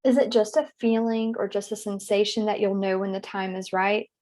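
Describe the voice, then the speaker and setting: Woman practitioner with a medium-pitched voice, softly asking guiding questions. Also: fairly even intonation, normal speed. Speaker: session practitioner. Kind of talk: guiding a trance session.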